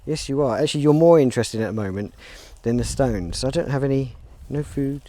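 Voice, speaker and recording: Walking through a field next to a stone circle, a vlogger talks casually and jokes with the surrounding cows against faint outdoor ambience. He speaks briskly in a mellow, medium-pitched voice, with a little hiss or hum on the audio.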